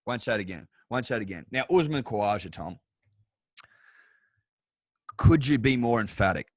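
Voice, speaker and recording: A man's voice: fairly low pitch, expressive, normal speed, no echo. Australian man ranting about sport. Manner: emphatic, ranting, profane. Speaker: podcast co-host. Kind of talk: casual sports chat.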